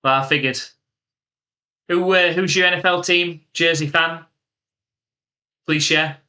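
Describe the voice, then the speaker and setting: A man's voice: fairly high pitch, steady tone, measured pace, pushed and bright. A man with an English accent from the UK, giving live play-by-play commentary and chatting casually with stream viewers.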